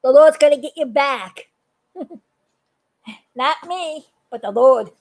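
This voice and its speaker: A woman's voice: sits high, slow, creaky, a little mellow, poor audio. An older woman chatting on a live video, talkative and earnest, laughing often as she gives warnings. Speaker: vlogger. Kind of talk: casual live video chat.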